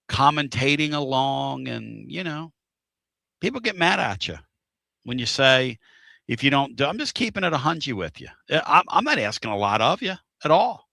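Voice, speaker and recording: A male host rambles through a casual live-streamed talk show in a folksy, repetitive way. His voice is bright and forceful. The sound is dry and close. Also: mid-range voice, vocal fry, no echo. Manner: rambling, repeats himself, folksy.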